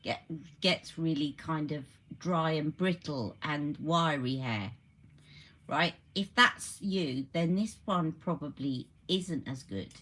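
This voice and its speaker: A woman's voice: low-pitched, animated, slow pace, fairly bright tone. A woman hosting a casual beauty live stream, chatting about products and reacting to viewer comments as she goes.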